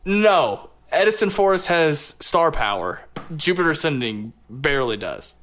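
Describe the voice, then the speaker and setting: A man hosting a casual movie podcast, laughing often and jumping between quick asides. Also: on the high side, very animated, a bit bright. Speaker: podcast host. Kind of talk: casual chat.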